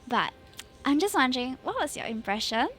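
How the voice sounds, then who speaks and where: A woman's voice: high voice, big pitch swings, a little fast, a bit bright, faint music behind. A woman from Singapore with a Singaporean English accent, chatting playfully on a live stream, dropping Singlish particles and laughing often. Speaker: VTuber streamer. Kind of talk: casual live-stream chat.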